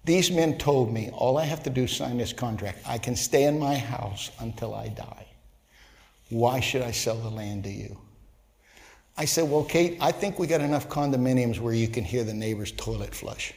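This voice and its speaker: Casting note: male pastor, folksy storytelling sermon, mid pitch, long church-hall reverb. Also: normal speed, creaky. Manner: folksy, animated storytelling, builds to loud excitement. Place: church sanctuary.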